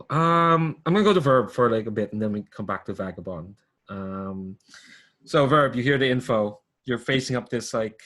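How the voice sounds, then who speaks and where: A man's voice: mid-range voice, fairly bright tone. A man running a tabletop game as game master, narrating casually in a hesitant way with lots of fillers and restarts.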